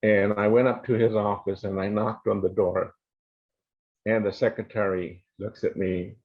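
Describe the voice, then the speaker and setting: An older man on a panel, slowly telling a story from his working life and quoting the people in it. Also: on the low side, dull audio. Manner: slow, measured storytelling with quoted dialogue.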